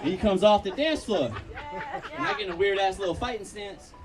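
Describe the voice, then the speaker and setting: A man's voice: sits high, a little fast, recorded from a distance, over music, low-quality recording. A man from Long Beach doing a profane, story-driven stand-up set at an outdoor backyard patio show. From Long Beach, California. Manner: profane, storytelling, acts out characters. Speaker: stand-up comedian. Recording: crowd laughter, mic heard from afar.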